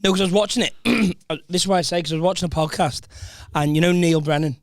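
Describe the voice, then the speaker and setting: A podcast co-host with a fairly high voice, rambling and losing his thread mid-story. The sound is close and dry, with no room echo. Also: steady tone, fast talker. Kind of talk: casual chat.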